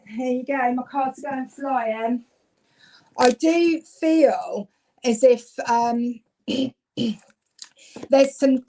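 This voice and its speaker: Chatty woman, bit high. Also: a little hiss or hum, low-quality recording. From Devon, England. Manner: chatty, warm-hearted, gets louder when excited. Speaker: psychic medium giving live readings. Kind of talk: live-streamed card readings, chatting with viewers.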